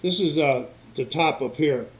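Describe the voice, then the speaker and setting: An older man demonstrates a board game at home on camera, casually walking through the tabletop setup in a slightly high, unhurried voice. He's plainspoken and meandering, and the camera-mic recording is low quality.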